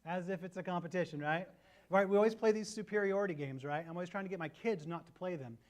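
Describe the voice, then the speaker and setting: Chatty male preacher, a touch high. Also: fast talker. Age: 30s. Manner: animated storyteller, often adds "right?" to check in with listeners. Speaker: pastor. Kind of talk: conversational sermon.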